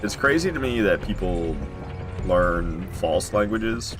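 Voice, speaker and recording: A man's voice: low-pitched, lively intonation, slow, over music. A man streaming a video game, rambling and joking through casual commentary and swearing freely.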